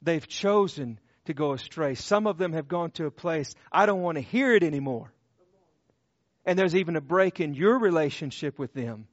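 A man preaching a sermon with passion, who swings from loud emphatic cries to hushed tender tones and repeats short phrases for emphasis. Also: fairly high pitch, expressive, normal speed, no echo, muffled recording.

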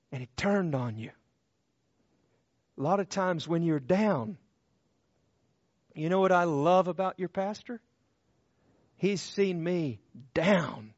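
A man preaches in an unhurried, deliberate rhythm, his voice sitting a touch high for a man. He swings between loud emphatic cries and hushed tender passages, hammering short repeated phrases. The sound is dry and somewhat dull, with little room around it. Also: no room sound. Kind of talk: sermon.

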